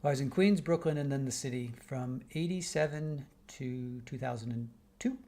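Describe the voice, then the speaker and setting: An older Midwestern man with a mid-range, dark voice hosts a livestream at normal speed. Chatting casually while waiting for a trial, he reads viewer comments aloud and answers in a rambling way, often restarting sentences.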